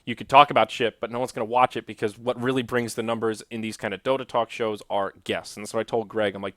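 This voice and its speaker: A man's voice: mid-range voice, quick pace, hardly any pauses, no room sound, studio quality. A young man hosting a solo podcast, chatting casually and loosely, with frequent swearing and asides to his chat. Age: young adult. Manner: rambling, profane, talks to chat. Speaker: podcast host.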